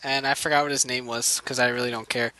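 A man's voice: mid-range voice, little pitch movement, quick pace, pushed and bright, rough recording. A man casually recapping a show episode, rambling and joking with plenty of swearing. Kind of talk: casual comedic recap chat.

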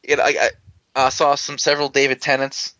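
Bright-voiced man telling a rambling story. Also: mid-range voice, monotone, fast talker, dry recording. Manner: rambling, with many fillers and restarts; chuckles as he tells the story. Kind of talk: casual storytelling chat. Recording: dull lo-fi dry recording.

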